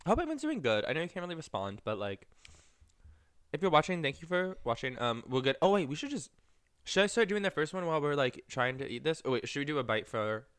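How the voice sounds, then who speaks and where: A young man co-hosting a casual podcast, chatty and playful. His voice moves all over the place in pitch. The sound is close and dry. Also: big pitch swings, fast talker, fairly bright tone, clear, resonant tone, dry recording. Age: young adult. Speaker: podcast co-host. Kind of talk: casual chat.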